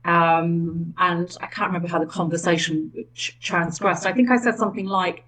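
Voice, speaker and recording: A middle-aged woman with a Swindon accent, recounting events in casual, animated conversation. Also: fairly low pitch, moderate pace, poor audio. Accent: English, Swindon. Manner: chatty, animated storytelling with restarts. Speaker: independent election candidate.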